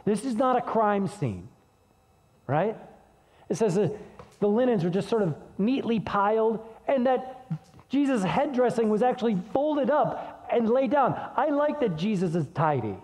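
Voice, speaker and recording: A man preaching a sermon as pastor, conversational and energetic, dropping low and soft when reading scripture. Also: a little slow, big-room sound.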